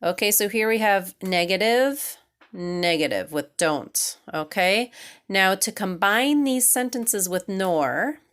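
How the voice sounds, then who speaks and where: A woman's voice: mid-range voice, animated, fairly bright tone. A woman teaching an English grammar lesson, patiently reading examples aloud and checking in with "okay?" after each point. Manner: slow and deliberate, reads examples aloud.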